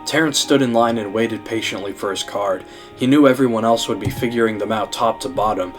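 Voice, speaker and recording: A man reading a horror fan story aloud in steady, scripted narration, over background music. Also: on the low side, brisk.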